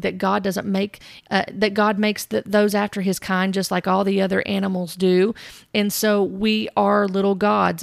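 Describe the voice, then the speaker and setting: Gravelly-voiced woman critiquing church teaching. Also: medium pitch, dry recording, clean studio sound. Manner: thoughtful, measured, reads scripture aloud. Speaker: podcast host.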